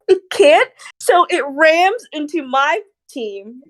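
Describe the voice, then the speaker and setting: A young woman narrating as the dungeon master, with a high and lively voice. She giggles between lines, and the sound is dry and close. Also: takes it slowly, no room sound. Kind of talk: narrating a tabletop game.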